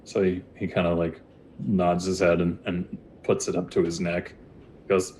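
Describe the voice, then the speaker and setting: Low-voiced man narrating as game master. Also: little pitch movement, unhurried, a little mellow, a little hiss or hum. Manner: casual, filler-heavy narration.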